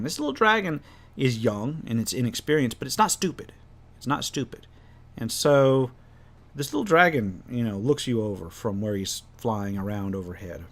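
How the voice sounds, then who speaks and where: A man recounting a tabletop game he ran as game master, rambling with many restarts. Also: medium pitch. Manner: rambling, self-correcting, lots of restarts. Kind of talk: casual storytelling about a tabletop game.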